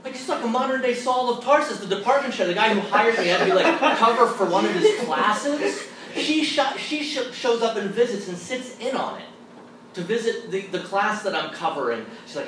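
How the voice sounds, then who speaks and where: A man, a Catholic theologian, telling stories to a college audience in an animated, humorous way and acting out the people he quotes. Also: sits high, moderate pace, distant mic. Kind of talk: storytelling talk to a college audience. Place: large hall at a college. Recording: echoey room miked from afar with background noise.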